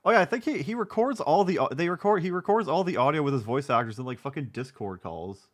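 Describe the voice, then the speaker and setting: Speaking fast with lively intonation and a slightly high pitch, this male streamer talks over a video as he watches it. He tears into it with sarcasm and a steady stream of swear words.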